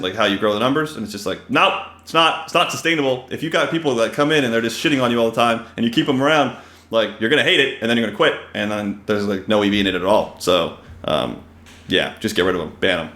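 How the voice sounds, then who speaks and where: A man hosting a podcast in casual interview chat, animated and blunt, swearing freely and filling his talk with "like" and "you know". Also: fairly low pitch, quick pace, echoey room. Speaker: podcast host. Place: home office.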